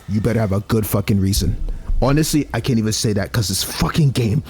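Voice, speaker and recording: A man's voice: on the low side, fast talker, darkish tone, husky, faint music behind. A young man reacting to a game in a let's play, profane, slangy and worked up. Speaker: gamer.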